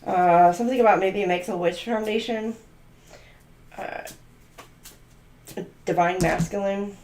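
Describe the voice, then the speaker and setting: A woman's voice: medium pitch, a little slow, darkish tone, reverberant, slight background noise. A woman doing a channeled tarot reading, musing aloud and free-associating letters, numbers and words. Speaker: tarot reader.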